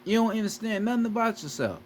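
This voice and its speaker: A somewhat high-voiced man lecturing his viewers on spirituality, swearing freely and hammering the same points over and over. He talks straight to the listener in a preachy, confrontational way, with a faint hiss behind him. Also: big pitch swings, fast. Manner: profane, repetitive, lecturing the viewer directly. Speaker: spiritual video creator.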